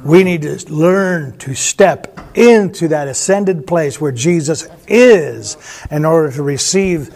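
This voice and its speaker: A man teaching the Bible in a conversational way, animated and chuckling as he retells stories. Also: on the high side, takes it slowly.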